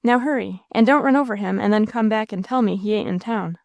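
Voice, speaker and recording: A woman's voice: mid-range voice, a little fast, creaky, no room sound, lightly acted. A woman reading the part of a stout, practical country landlady who speaks in a folksy rural dialect. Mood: brisk.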